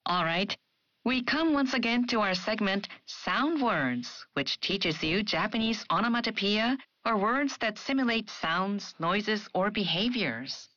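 A woman narrating a scripted language lesson, speaking clearly and carefully, lifting her voice on example questions. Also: medium pitch, expressive, a little slow, few pauses, a bit bright, no room sound, dull audio. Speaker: language program co-host.

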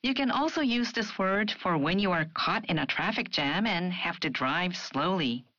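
A woman presenting a language lesson in a clear, measured, explanatory way. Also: lowish voice, lively intonation, pushed and bright. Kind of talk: scripted educational narration. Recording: muffled studio broadcast audio.

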